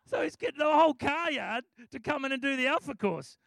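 A man's voice: very high voice, expressive, normal speed, vocal fry, a bit bright, no echo. A middle-aged Australian man sharing a testimony in a sermon, enthusiastic and conversational. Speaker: preacher giving testimony.

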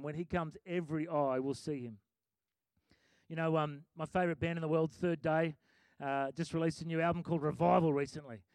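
Man, pastor, sermon, chatty, self-amused, high voice, dry recording. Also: no echo. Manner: chatty, self-amused, breaks into sung lyrics.

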